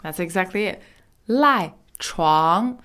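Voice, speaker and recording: A woman teaching Mandarin in a lesson podcast, explaining chatty and repeating words slowly and clearly. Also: fairly low pitch, animated, fairly bright tone.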